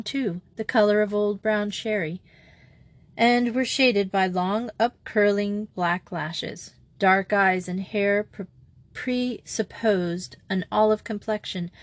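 A woman narrating a novel aloud in a measured, descriptive manner. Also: mid-range voice. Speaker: audiobook narrator. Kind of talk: scripted narration.

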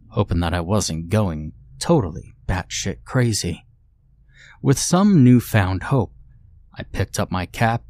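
A man reads a horror story aloud with a measured, brooding delivery. His voice sits on the low side and moves at an unhurried, slow pace. The telling is steady and deliberate. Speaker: narrator. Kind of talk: scripted horror story narration.

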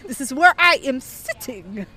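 A woman voicing a pushy seventy-five-year-old woman traveler, using a mock Italian accent and speaking in slow, insistent lines. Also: sits high, lively intonation, pushed and bright, heavily acted. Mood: stubborn.

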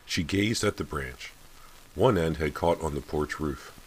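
A man reading a horror novel aloud as an audiobook narrator, in a measured, steady way. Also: very deep voice, slight background noise. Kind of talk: scripted narration.

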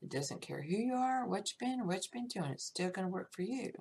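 A woman's voice: medium pitch, animated, darkish tone, a little hiss or hum. A woman hosting her own podcast, talking through life lessons in a plain-spoken, reflective monologue. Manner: slow, gravelly, plain-spoken. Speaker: podcast host.

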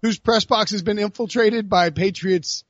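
Sports podcast host guy, kinda high voice, rambly and animated, dry muffled sound. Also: moderate pace, no room sound. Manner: animated, lots of filler words and restarts. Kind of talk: casual sports chat.

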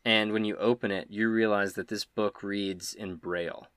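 A man's voice: fairly low pitch, fairly even intonation, moderate pace, a bit bright, clean tone, no room sound, studio quality. A man narrating a tabletop game as game master, casual and full of fillers.

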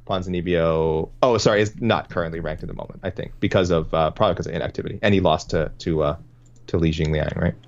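A man's voice: deep voice, steady tone, fast talker, a little mellow, lo-fi sound. A man co-hosting a casual podcast, rambling, correcting himself mid-sentence and laughing easily. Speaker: podcast co-host. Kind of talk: casual podcast chat about fight matchmaking.

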